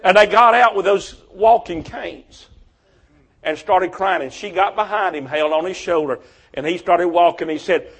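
A man's voice: high voice, moderate pace, fairly bright tone, slightly rough. A man preaching a revival sermon, telling stories with fervent conviction.

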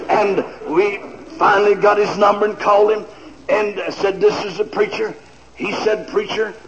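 A man preaching a fiery revival sermon, often shouting praise to a congregation. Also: high voice. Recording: dull lo-fi recording with crowd.

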